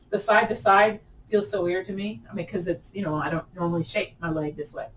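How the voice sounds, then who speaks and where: Woman yoga instructor, fairly low voice, chatty, self-amused, echoey room, mic set back. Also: recorded from a distance. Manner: chatty, laughs at herself, encouraging. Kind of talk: guided gentle yoga class.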